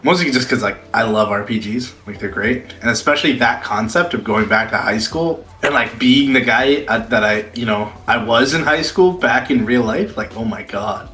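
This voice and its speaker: A young man co-hosting a podcast, chatting casually and excitedly and swearing freely. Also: mid-range voice, normal speed, few pauses, roomy sound, faint music behind, low-quality recording. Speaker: podcast co-host. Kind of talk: casual chat.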